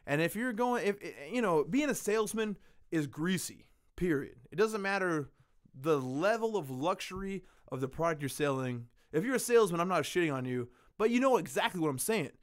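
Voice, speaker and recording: A man hosting a podcast in casual chat, ranting with lots of swearing and animated storytelling. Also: sits high, normal speed. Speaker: podcast host.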